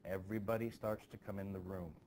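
A male teacher giving students an expressive, animated summary of a play as he reads it aloud. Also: sits low, quick pace, slight background noise. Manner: animated, explanatory storytelling.

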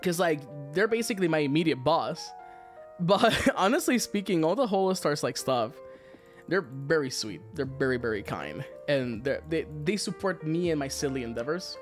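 A man chatting casually on a livestream, excitable and quick to laugh, swearing freely between thanks to viewers. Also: fairly high pitch. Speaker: virtual idol streamer.

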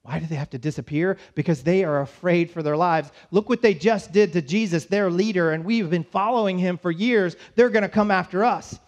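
Man, pastor, high voice, storytelling sermon, conversational, church. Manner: storytelling, voices the disciples' panic in quick asides.

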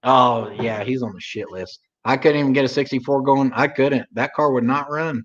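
A man's voice: medium pitch, moderate pace, muffled recording. A man from Oklahoma co-hosting a livestream, chatting casually in a rambling, drawling way. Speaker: livestream co-host. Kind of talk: casual chat.

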